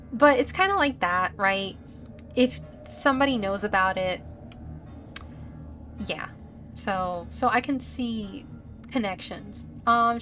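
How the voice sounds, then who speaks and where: A woman's voice: a little high, sharp tone, slight background noise. A woman streamer giving rambling, giggly gameplay commentary, chatting to her viewers.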